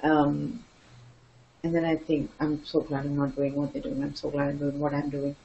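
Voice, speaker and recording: Older woman guest, expressive raconteur who mimics people. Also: low-pitched, normal speed, gravelly, highs cut off, a little hiss or hum. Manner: animated, laughing, acts out quoted voices. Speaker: dance teacher and guest. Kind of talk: storytelling interview answers.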